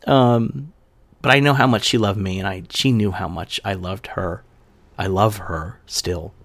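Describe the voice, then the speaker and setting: Man, podcast host, emotional, heartfelt, mid-pitched voice, dry close mic. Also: no room sound. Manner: emotional, heartfelt, voice rising and falling with feeling. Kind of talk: reading a eulogy, then casual podcast talk.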